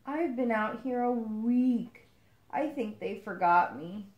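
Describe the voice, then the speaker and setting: A woman voicing a forgotten, gloomy stuffed toy elephant in a storybook, slow and resigned. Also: a little high, animated, echoey room, dull audio, pitched above the performer's own voice.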